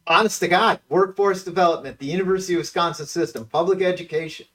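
A man's voice: high-pitched, quick pace, fairly bright tone, distant mic, poor audio. A man appearing as a political consultant guest on a talk radio show, hesitant and full of ums. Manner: distracted, hesitant, lots of ums. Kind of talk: casual political radio chat.

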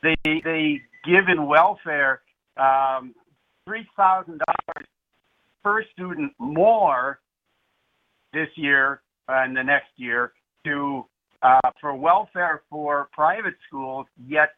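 A man's voice: on the high side, slow pace. A man calling into a radio show, ranting with indignation. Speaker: phone-in caller. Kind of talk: call-in radio talk. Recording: tinny phone line.

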